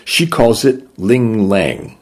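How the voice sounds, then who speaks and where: A man narrating a first-person story in a measured, gentle, reflective way. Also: on the low side, animated.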